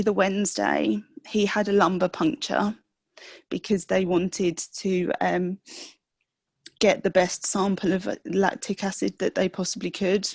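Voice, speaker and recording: A young woman speaks as a podcast guest in a low, gravelly voice, recorded close and dry. She tells her personal story haltingly and with emotion, often restarting her sentences. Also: no room sound. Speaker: podcast guest, mother of a sick child.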